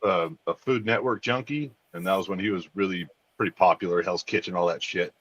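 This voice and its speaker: A man telling stories and swearing freely in a relaxed group chat. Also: low voice, brisk, slightly rough, dull audio. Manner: profane, laughing storyteller. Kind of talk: casual chat.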